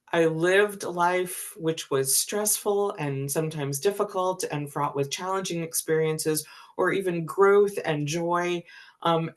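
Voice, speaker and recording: A woman in her seventies, a spiritual teacher, telling a personal story in a candid, chatty way and laughing easily. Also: low-pitched. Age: 70s.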